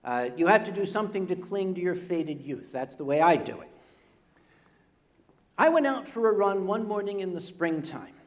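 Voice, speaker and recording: A man's voice: high-pitched, animated, moderate pace. An older man telling a comic story live on a convention stage. He stammers and chats with the audience as he goes.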